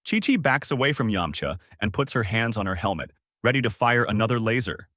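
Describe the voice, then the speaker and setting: A man narrates a fan story in a plain, steady way. His pitch is in the middle range but moves around a lot. The sound is dry and close. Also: a little fast, no echo.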